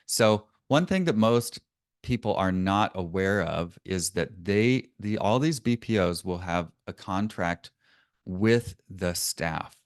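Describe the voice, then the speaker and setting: A man's voice: sits low, animated, slow pace, dry recording, clean studio sound. A man presenting a business webinar in a conversational way, often correcting himself and chuckling now and then.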